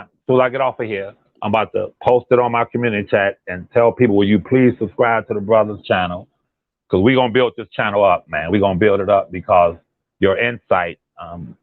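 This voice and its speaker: A man, a guest on a call-in commentary chat, talking in an animated, repetitive and emphatic way. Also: fairly low pitch, dry recording. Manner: animated, repetitive and emphatic, drops into imitated quotes. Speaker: guest on a commentary channel, relative of a defendant. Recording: tinny phone line.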